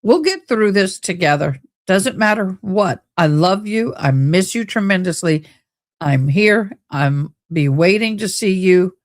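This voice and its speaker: A woman hosting a live stream, reading letters aloud and giving casual commentary in a loose, chatty way with drawn-out exclamations. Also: medium pitch, animated.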